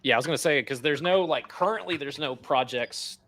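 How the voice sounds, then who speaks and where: Gravelly, bright-voiced man, blunt. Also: fairly high pitch, a little fast. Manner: blunt, swears casually, animated. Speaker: podcast co-host. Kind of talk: casual chat.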